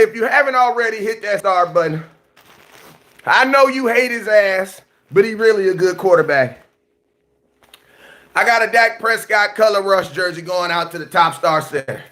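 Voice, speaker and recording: A man hosting a livestream, ranting emotionally about football news and shouting out viewers by name, often breaking into yelling. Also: sits high.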